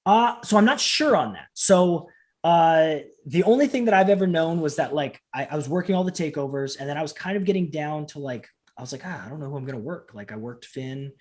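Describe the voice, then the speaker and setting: A man in his thirties, a professional wrestler and trainer, chatting in an interview from home over a video call and acting out quotes as he tells stories. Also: brisk. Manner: animated storyteller acting out quotes with big pitch jumps. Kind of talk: casual interview chat.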